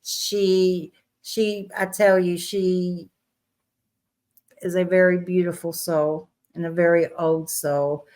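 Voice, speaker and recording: A woman's voice: on the low side, little pitch movement, takes it slowly, a little mellow. A woman hosting a casual podcast, introducing her guest with effusive praise and frequent fillers. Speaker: podcast host.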